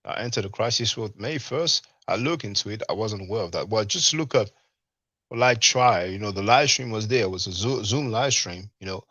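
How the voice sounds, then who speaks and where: Low-pitched bright male commentator. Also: moderate pace, no echo. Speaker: commentator reviewing a video. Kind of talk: commentary over a played clip.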